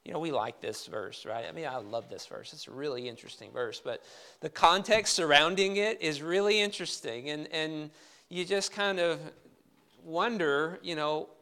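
A man's voice: on the high side, moderate pace, pushed and bright, clean tone. A man preaching a sermon as pastor, talking in a conversational way with rhetorical questions and reading scripture with emphasis.

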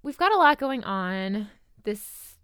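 A woman's voice: mid-range voice, sing-song, takes it slowly, fairly bright tone, clean tone, no echo, clean studio sound. A young woman co-hosting a podcast, chatting casually in a bubbly, giggly way with lots of "like". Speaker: podcast co-host. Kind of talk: casual chat.

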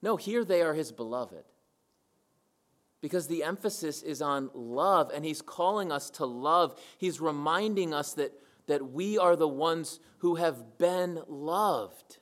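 A man's voice: a little high, takes it slowly. A man preaching a sermon to his church, emphatic and repeating key phrases for weight. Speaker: pastor.

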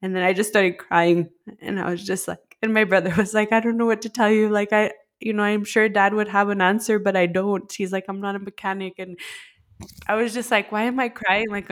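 Heartfelt woman talking in rambles. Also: mid-range voice. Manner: heartfelt, rambling, many "like" fillers. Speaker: podcast co-host. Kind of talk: personal conversational storytelling.

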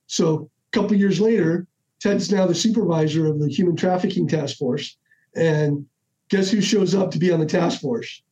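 A middle-aged man, a podcast guest, telling stories in a casual, animated way and acting out the dialogue with lots of restarts. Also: fairly high pitch, moderate pace. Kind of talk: casual storytelling. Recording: dull lo-fi audio.

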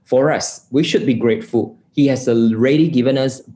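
A man's voice: medium pitch, normal speed, dark tone. Earnest male preacher, roomy echo. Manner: earnest storytelling, repeats words. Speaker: pastor. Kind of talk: sermon with personal story.

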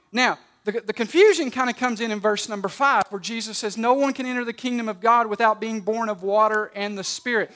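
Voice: medium pitch, a bit bright. A pastor preaching a sermon in a conversational way, often restarting and repeating words and leaning on key words.

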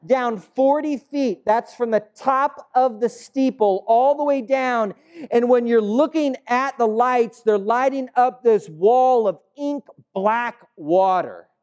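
A man preaching a sermon as a pastor, telling the story in a lively, dramatic way, sometimes shouting and sometimes dropping to a hush. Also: very high-pitched. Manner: animated storytelling preacher, swinging between shouts and hushed asides.

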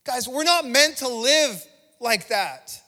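A man's voice: very high voice, lively intonation, takes it slowly, pushed and bright, in a large hall. A male pastor giving an impassioned, conversational sermon, restarting phrases as he preaches in a church. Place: church sanctuary.

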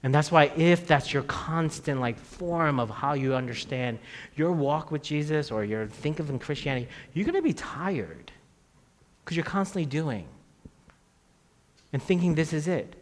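A man in his thirties preaching a sermon in a conversational way, dropping his voice low on key phrases. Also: expressive, normal speed. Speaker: pastor. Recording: long reverb of a church hall.

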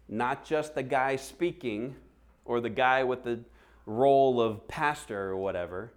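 A middle-aged man preaching a sermon, telling stories and acting out the voices of people he quotes. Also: medium pitch. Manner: animated storytelling, acts out quoted voices. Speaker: pastor.

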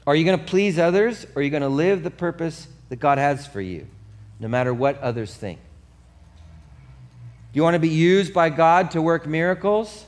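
A man preaching a sermon as pastor, telling a story with lively acted-out voices, then turning quiet and earnest. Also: a little high, moderate pace. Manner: animated storytelling, acts out voices; drops to soft earnest tone for the appeal.

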